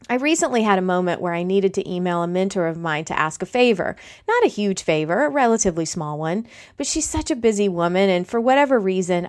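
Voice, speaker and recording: A woman coach hosting a solo podcast, talking in an emphatic, conversational, motivational way. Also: medium pitch.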